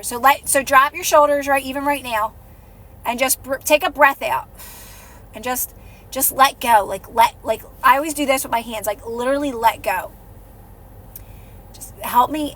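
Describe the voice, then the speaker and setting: A woman's voice: sits high, moderate pace. A woman hosting a live stream, giving soothing, repetitive encouragement in a casual coaching talk. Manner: soothing, repetitive, encouraging, drops softer when guiding calm. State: out of breath. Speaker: livestream host and manifestation coach.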